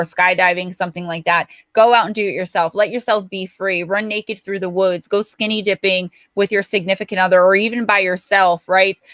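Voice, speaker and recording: A woman's voice: mid-range voice, a bit bright, dry recording. A woman, likely in her forties, giving chatty, reassuring oracle card readings on a live stream.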